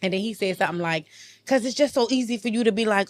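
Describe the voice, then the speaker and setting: A woman's voice: a little high, lively intonation, quick pace. A woman co-hosting a podcast, talking bluntly and expressively with heavy cursing in casual chat. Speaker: podcast co-host.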